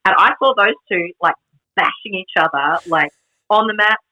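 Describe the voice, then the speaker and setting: Woman guest, bright tense tone, rambling animated storyteller. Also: mid-range voice, normal speed, low-quality recording. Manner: animated storytelling, heavy use of "like", frequent laughs. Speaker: guest, jiu-jitsu black belt and camp organiser. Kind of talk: casual podcast chat.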